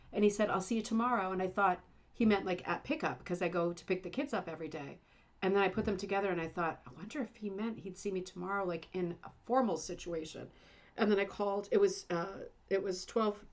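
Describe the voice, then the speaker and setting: A middle-aged woman hosting a casual livestream chat from home, chatty, rambling and self-deprecating. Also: mid-range voice. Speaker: livestream host. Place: home, Indiana.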